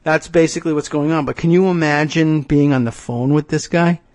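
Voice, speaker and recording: A man's voice: fairly high pitch, fairly even intonation, brisk, darkish tone. A man hosting a political talk show, reading from an article and breaking off into sarcastic, incredulous commentary. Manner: frequent restarts and fillers when riffing.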